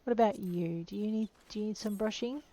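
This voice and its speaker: A woman's voice: mid-range voice, fairly quick, warm tone. A woman chatting playfully through her video game, talking to the creatures she meets. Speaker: game player. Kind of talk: let's play commentary.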